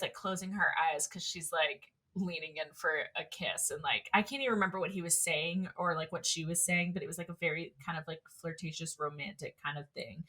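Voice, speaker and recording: A woman's voice: on the low side, sharp tone. Candid, emphatic woman podcast co-host. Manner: candid and emphatic, quick to laugh, talks with lots of fillers. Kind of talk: casual chat recapping an anime episode.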